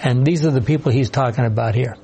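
A man's voice: medium pitch, fast talker, warm tone, slight background noise. A man leading a Bible study group, calling on readers and breaking in with his own comments. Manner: calls on readers, interjects with comments and corrections.

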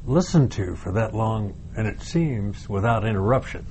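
A man's voice: fairly low pitch, lively intonation, moderate pace, darkish tone. A man in a study group, making offhand remarks in answer to the teacher. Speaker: class member. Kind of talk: casual remarks in a group discussion. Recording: noisy room, voice away from the mic.

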